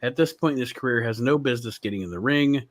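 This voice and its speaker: A man hosts a relaxed chat show, reading out wrestler stat cards and breaking off into jokes. He laughs often, and his voice sits at a middle pitch. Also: fast. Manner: laughs often, reads stats then riffs. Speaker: podcast host.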